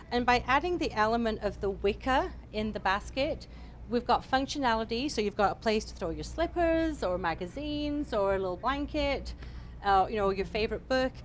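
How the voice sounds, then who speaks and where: A woman's voice: mid-range voice, slight background noise. A woman leading a home decor class in an upbeat, chatty way, with many fillers. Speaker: interior design instructor.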